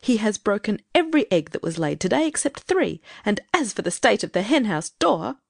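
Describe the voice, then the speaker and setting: A woman's voice: medium pitch, big pitch swings, normal speed, gravelly, darkish tone, dry recording, studio quality. Strict, irritable woman read by a female narrator for an audiobook; firm, scolding delivery that rises and falls a lot. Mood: stern. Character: stern, irritable grown woman who sets strict rules. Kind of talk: audiobook character reading.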